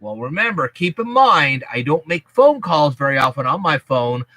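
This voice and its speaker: A man with a fairly high, bright voice that swings widely in pitch as he talks. He explains things to his viewers in a folksy, chatty and emphatic way. The sound is dry and close. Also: sing-song, normal speed, dry recording. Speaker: YouTube channel host. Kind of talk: casual vlog explaining to viewers.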